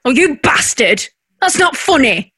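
An actress playing a sharp-tongued, sarcastic working-class wife and mother. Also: high-pitched, big pitch swings, exaggerated voice. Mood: scolding. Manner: dry, sarcastic, drawn-out. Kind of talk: audio drama acting.

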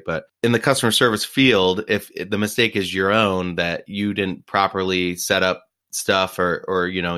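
A man's voice: sits low, bright, forceful tone, clean tone. A man co-hosting a podcast, chatting casually and giving his opinions. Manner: conversational, opinionated. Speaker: podcast co-host. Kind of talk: casual chat.

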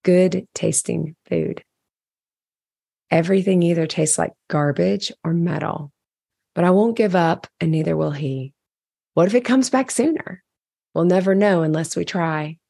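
Brief: a deep woman's voice with some fry, reading her own diary entry candidly, dry close sound. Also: a little slow, dark tone, no room sound. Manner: candid, reflective storytelling. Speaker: caregiver sharing a diary entry. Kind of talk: personal diary narration.

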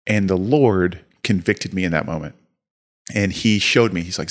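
A young man telling a lively personal story on a podcast, acting out his own shouting as he goes. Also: low-pitched, normal speed. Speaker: podcast co-host. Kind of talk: casual storytelling.

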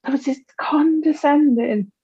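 A woman in her forties, an interview guest candidly telling her life story and acting out the voices of others with big pitch jumps. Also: unhurried, dark tone, no room sound, lo-fi sound.

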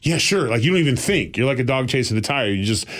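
A man's voice: medium pitch, quick pace. A man casually telling a long childhood story, acting out the quotes as he goes. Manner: animated anecdote teller, acts out quotes.

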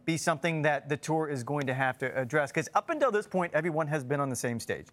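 A man talking through golf news in a studio discussion, with a fairly high voice. He is frank and emphatic and leans hard into his opinions. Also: expressive, quick pace, fairly bright tone. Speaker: golf analyst.

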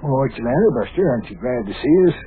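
An actor playing a folksy, hearty small-town mayor who gives cheerful pep talks, on an old radio show. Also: male voice, mid-range voice, big pitch swings, very fast, slightly rough. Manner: folksy, hearty, calls people buster and lad. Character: folksy older male mayor, cheerfully bossy. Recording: tinny old radio broadcast with faint hiss.

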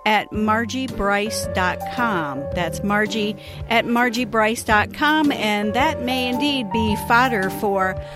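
A middle-aged woman hosting a ministry podcast, telling a story in a casual, animated way and laughing as she talks. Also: mid-range voice, takes it slowly, over music. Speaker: podcast host, ministry coach.

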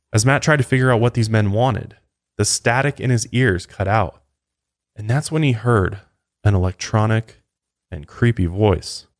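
A man hosting a podcast, narrating a true crime case in a steady, casual way with occasional asides to a co-host. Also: fairly low pitch.

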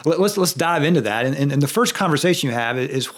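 A man's voice: fairly high pitch, animated, fast talker. A man with a Southern US accent, asking interview questions with enthusiasm and often repeating his first words. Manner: enthusiastic, repeats words when starting sentences. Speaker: guest interviewer, church leader. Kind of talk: casual podcast interview. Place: office studio at a lakeside retreat.

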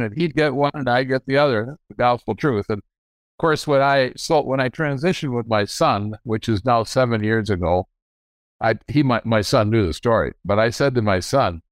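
A man's voice: mid-range voice, dry recording. An older man guests on a podcast and tells stories from his family business in a frank, meandering way, often correcting himself mid-sentence. The recording is dry and close, with no room sound. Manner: rambling, self-correcting, frank. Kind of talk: candid storytelling.

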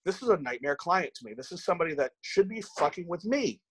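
A man's voice: a little high, quick pace, slightly rough, dry recording, low-quality recording. A man, a bodybuilding coach, telling candid stories in a casual podcast chat, swearing freely and acting out the dialogue. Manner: candid, profane, animated anecdotes with quoted dialogue.

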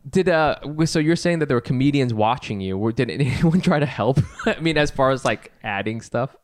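A man's voice: medium pitch, expressive, a little fast, no echo. A man co-hosting a casual comedy podcast, rambling, laughing often, swearing and acting out what people said. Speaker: podcast co-host.

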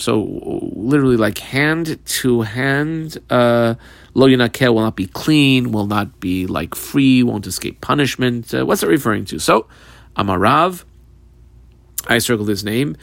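A man's voice: mid-range voice, gravelly, fairly bright tone, dry recording. A man teaching a Talmud class, reading Aramaic phrases and explaining them in English with many fillers.

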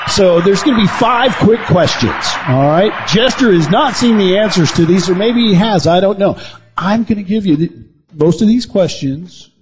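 A man's voice: sits high, animated, moderate pace. A man co-hosting a podcast in casual joking chat, playfully teasing and hamming up his game-show announcements. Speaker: podcast co-host.

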